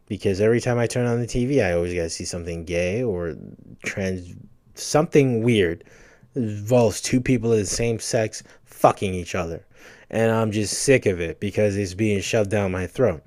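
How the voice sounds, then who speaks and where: A man's voice: mid-range voice, a little mellow, no echo, clean studio sound. A tired man ranting, profane and rambling, full of false starts and repeated words. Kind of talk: ranting to camera.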